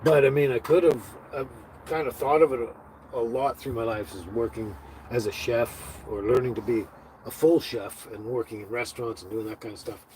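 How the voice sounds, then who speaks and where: A livestream host chats loosely, rambling and halting from one thought to another with many fillers and restarts. His medium-pitched voice comes from what sounds like a small home. The rough recording has steady background noise throughout.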